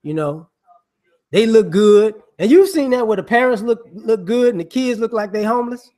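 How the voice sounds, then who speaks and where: Man, fairly high voice, casual monologue, slangy, rambling, digressive. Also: animated, warm tone. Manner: rambling, slangy, digressive, with repeated "you know"; acts out people he mocks with quick voices. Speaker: commentator.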